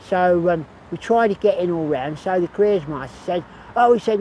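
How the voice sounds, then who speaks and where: An older man tells stories from his working life in a rambling, chatty way, forever circling back with "so consequently". His voice sits fairly high for a man. He is recorded outdoors, with faint traffic noise behind him. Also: expressive, brisk, mellow, low-quality recording. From England. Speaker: hospital gardener. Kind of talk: casual reminiscing. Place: outdoors on hospital grounds.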